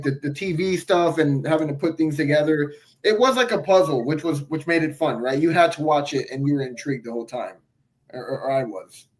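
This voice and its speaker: A man reviewing horror films in a casual chat, easygoing and agreeable, with halting speech. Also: on the high side. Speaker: film reviewer. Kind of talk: casual film discussion.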